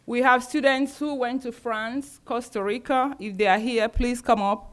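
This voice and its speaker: A woman's voice: on the high side, fairly even intonation, moderate pace, fairly bright tone. Woman presenting a ceremony, hesitant. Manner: formal, with frequent ums and uhs. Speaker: global programs director. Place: university auditorium.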